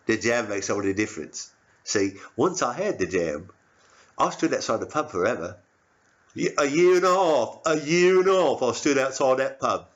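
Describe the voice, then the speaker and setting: A man's voice: medium pitch, very animated, normal speed, lightly acted. A man doing a rambling British pub bloke. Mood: rambling earnest. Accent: put-on British. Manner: rambling, repetitive, earnest and self-correcting. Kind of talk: satirical stand-up character monologue. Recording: dull lo-fi audio.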